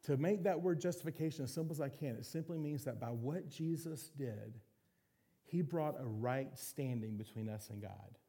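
A man preaching a sermon as pastor, animated, acting out little voices and quotes. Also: mid-range voice, normal speed, breathy edge.

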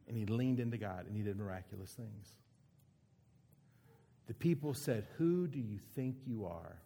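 A man preaching an earnest, emphatic sermon with dramatic pauses. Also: on the low side, dark tone, breathy edge. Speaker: pastor.

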